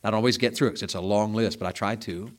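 A middle-aged preacher delivers a homespun sermon. His voice sits a little low, and he talks plainly and conversationally, then punches certain lines with loud emphasis. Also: steady tone, racing.

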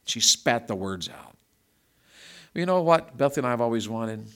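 A middle-aged man preaching a conversational sermon, telling stories and swinging from hushed asides to loud emphatic build-ups, often repeating words. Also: mid-range voice, expressive, normal speed, clear, resonant tone.

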